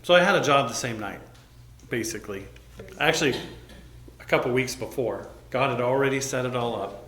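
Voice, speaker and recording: A man preaches in a relaxed, conversational way, a pastor walking the congregation through a personal story. His voice sits at an ordinary middle pitch, and he acts out the lines of the people in the story. The sound carries the reverb of a large church room. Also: a little fast, a little hiss or hum. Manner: casual, conversational retelling with acted-out quotes. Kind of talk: sermon storytelling. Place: church sanctuary. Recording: echoey church hall.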